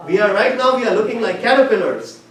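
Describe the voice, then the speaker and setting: In this Bible lesson, the teacher is a man who talks fast in a high, somewhat bright voice with lively intonation, retelling the story and questioning the class throughout. The room is echoey, the mic distant, and there's faint hiss.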